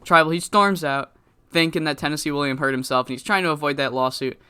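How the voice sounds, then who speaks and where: A man's voice: fairly high pitch, fast talker, bright, forceful tone, smooth. Rambling, profane man narrating a game. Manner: rambling, profane, self-correcting. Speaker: game commentator. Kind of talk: casual video game commentary.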